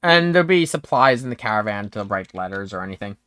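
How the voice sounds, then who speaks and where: A man's voice: lowish voice, animated, fast, fairly bright tone, dry recording. A man narrating as game master of a tabletop game, in a laid-back, rambling way with frequent self-corrections.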